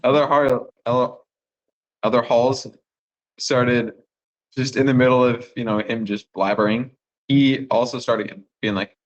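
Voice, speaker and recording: A young man, a missionary phoning home, telling rambling, excitable stories full of fillers. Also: mid-range voice, a little slow, low-quality recording. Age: young adult. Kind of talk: casual phone chat with family.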